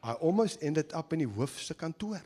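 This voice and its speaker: Afrikaans-accented man preaching, fairly high voice. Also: expressive, normal speed, dark tone. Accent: South African English. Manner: storytelling, laughing, switching into Afrikaans phrases. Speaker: pastor. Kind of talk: sermon with personal stories. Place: church service.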